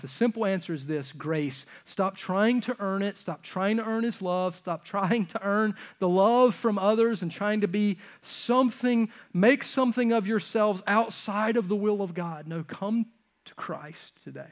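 Man, high voice, pastor, sermon, church stage, loud then hushed delivery. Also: measured pace. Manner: swings from loud emphatic to hushed, near-whispered lines.

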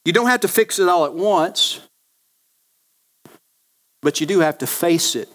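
A man's voice: sits high, lively intonation, measured pace, fairly bright tone. Earnest male preacher. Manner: earnest, repeats key phrases for emphasis. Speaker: pastor. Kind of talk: sermon.

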